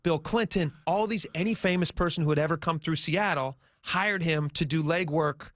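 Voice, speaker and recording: A man's voice: fairly high pitch, normal speed, a bit bright, no echo, studio quality. A man in his forties hosting talk radio, telling a long anecdote casually with plenty of fillers. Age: 40s. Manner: rambling anecdotal storyteller, many fillers. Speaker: radio host. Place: radio studio.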